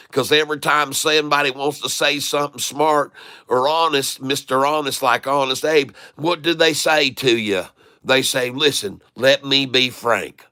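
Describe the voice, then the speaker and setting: A folksy, drawling rural Southern man, put on by a man with a thick Southern accent spins tall talk in a bright, forceful voice. The tone is crisp and smooth, recorded dry and close. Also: mid-range voice, no room sound.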